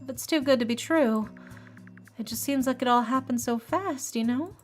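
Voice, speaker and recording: A woman's voice: sits high, normal speed, soft background music, voice pushed up, lightly acted. A woman voicing a gossipy young Southern belle woman with a put-on Southern accent, reading her lines aloud. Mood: fretful gossip. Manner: sweet, chatty, gossipy.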